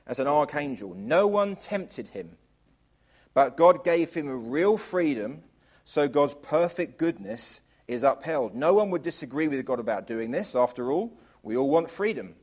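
A man preaching a sermon to a congregation, asking rhetorical questions and swinging from loud emphasis down to quiet, low lines. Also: very animated, a little slow. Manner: varies volume widely, drops to quiet emphasis; asks the audience rhetorical questions.

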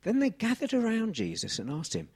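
A man in his thirties from England preaching a sermon on a handheld mic, animated and swinging from soft asides to loud exclamations. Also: high-pitched, a little fast, slightly rough.

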